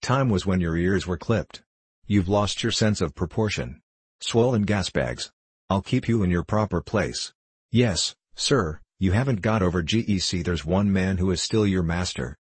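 A man's voice: sits low, normal speed, husky, no room sound. Man voicing a pompous, raging old professor. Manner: pompous, sarcastic, blustering. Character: irascible older male professor, short and powerful. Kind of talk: audiobook character reading.

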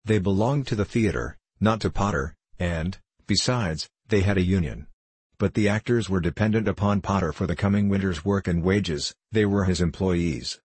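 A man narrating a novel in a measured, even storytelling manner. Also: low-pitched, breathy edge, no echo. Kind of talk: audiobook narration.

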